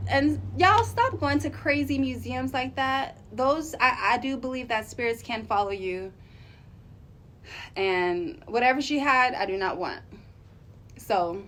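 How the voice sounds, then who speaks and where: A fairly high-voiced woman chats to her viewers as she tells a spooky story from home. Her talk is animated and loose, with frequent laughs and drawn-out words. A faint room hum sits under her voice. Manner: chatty, animated, laughs often, drawls words. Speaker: vlogger. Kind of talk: casual storytelling to camera.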